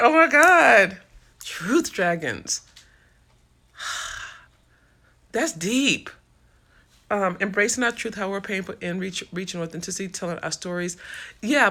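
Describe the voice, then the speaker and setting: A woman talking straight to her live-stream audience, tired but impassioned, dropping swear words as she goes. Her voice has a gravelly edge over a bright, forward tone. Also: fairly low pitch. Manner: impassioned, swearing, talks to viewers as y'all. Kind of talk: casual live-stream chat reading comments.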